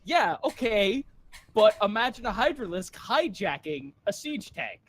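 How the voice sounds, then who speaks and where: Playful, lively-voiced commentator. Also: mid-range voice, unhurried. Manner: playful, riffs on jokes. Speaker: fanfiction commentator. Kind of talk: casual commentary.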